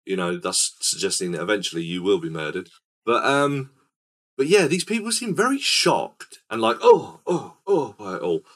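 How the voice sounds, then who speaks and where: A low-pitched man hosting a casual film podcast, his voice rising and falling a lot as he rambles through a scene. He talks in an animated, chatty way. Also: moderate pace. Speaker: podcast host.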